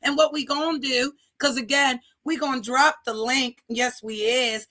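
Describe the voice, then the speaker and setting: Loud-mouthed woman cussing out her viewers on stream, high-ish voice, crisp bright tone. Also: steady tone, normal speed. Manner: brash, profane, scolding. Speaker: streamer and commentator. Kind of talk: live-stream commentary rant.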